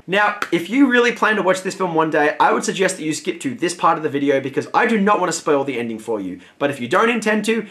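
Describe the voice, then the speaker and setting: A man narrating a scripted film review with a wry, animated delivery. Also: fairly high pitch, fast talker, few pauses, a little hiss or hum.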